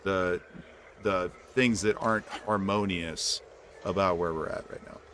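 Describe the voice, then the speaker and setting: A man's voice: sits low, fairly even intonation, measured pace, bright, forceful tone, a little hiss or hum. Rambling, cursing man telling stories. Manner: rambling, profane storytelling with many fillers. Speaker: streamer. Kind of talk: casual late-night chat.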